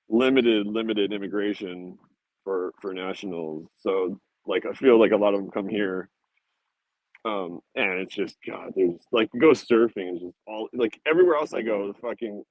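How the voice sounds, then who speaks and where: A man's voice: lowish voice, no echo, muffled recording. A young man talking to viewers in a loose, rambling monologue, swearing freely and slipping into rants. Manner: profane, laid-back, ranting.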